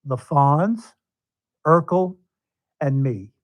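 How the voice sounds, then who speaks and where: A man from Tennessee hosting a casual radio interview, chatty and quick to laugh, with a self-deprecating way of talking. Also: on the high side, animated, dry recording, low-quality recording. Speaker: radio guest host.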